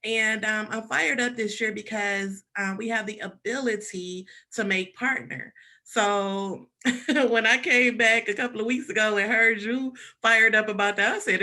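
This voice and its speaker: Bright-voiced excited woman on video call. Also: on the high side, unhurried. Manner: excited and grateful, with filler words. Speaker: team member guest on call. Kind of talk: casual testimonial on a video call.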